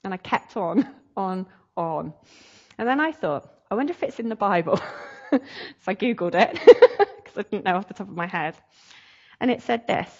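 A woman's voice: mid-range voice, lively intonation, normal speed, pauses often, darkish tone, dull audio. A woman telling a faith testimony in a chatty, emotional way, laughing often. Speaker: speaker sharing a testimony. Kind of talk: sermon testimony.

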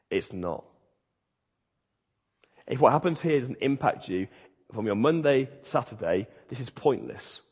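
A man preaching a sermon as the pastor, rousing and punchy, dropping low and quiet and then building up loud with repeated phrases. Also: husky. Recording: dull sound with long hall reverb.

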